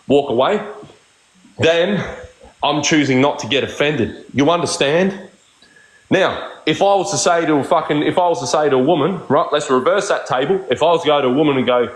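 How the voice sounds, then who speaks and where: A man on a live stream, talking in a slightly high voice and swearing nonstop as he argues. He sounds combative and keeps ranting, and the room around him is echoey. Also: animated, fairly quick. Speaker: livestream streamer. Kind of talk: heated live-stream argument.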